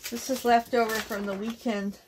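A woman's voice: on the high side, level tone, moderate pace. A woman hosting a casual home vlog at a cottage, chatting straight to her viewers. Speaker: vlogger. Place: family cottage. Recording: noisy home video recording.

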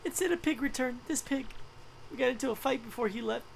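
A woman's voice: high voice, fast, creaky, a little hiss or hum, voice pushed up. A woman voicing a distraught young shopkeeper woman who sobs and quavers as she speaks. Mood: sobbing. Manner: tearful, quavering and breathless.

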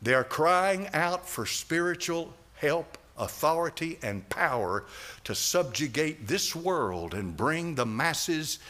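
A man preaching a sermon as pastor, fiery and dramatic, swinging between loud cries and low asides, with chuckles along the way. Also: sing-song, takes it slowly.

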